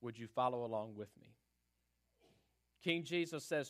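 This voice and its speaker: Male preacher, earnest and emphatic, mid-pitched, for a sermon read. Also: unhurried, long pauses, a bit bright. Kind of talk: sermon with prayer and scripture reading.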